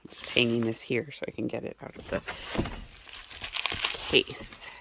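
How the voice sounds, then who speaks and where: A woman's voice: very deep voice, steady tone, moderate pace, creaky, fairly bright tone. A middle-aged woman chatting casually and rambling through a home vlog. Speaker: vlogger. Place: home, indoors. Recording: noisy home recording.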